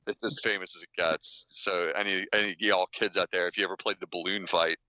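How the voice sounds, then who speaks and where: A deep, bright-toned man in his thirties, chatting animatedly and teasing his co-hosts. He stumbles into quick restarts. The sound is dry and close. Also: fairly even intonation, no room sound, low-quality recording. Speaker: podcast co-host. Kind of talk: casual chat.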